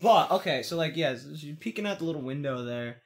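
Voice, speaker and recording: A young man co-hosting a casual podcast chat, telling stories with loud bursts and laughter. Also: fairly high pitch, lively intonation, fast. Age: young adult. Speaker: podcast co-host.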